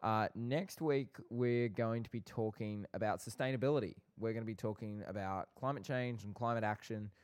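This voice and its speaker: Low-voiced man co-hosting a casual podcast. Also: normal speed, few pauses. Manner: playful, bantering. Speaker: podcast co-host.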